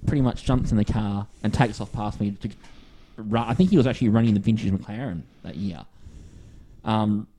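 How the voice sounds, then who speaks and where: A man's voice: on the low side, moderate pace. An Australian man from Western Australia, co-hosting a podcast and telling long, rambling anecdotes in a casual chat. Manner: rambling, animated anecdotes with acted-out quotes. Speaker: podcast co-host.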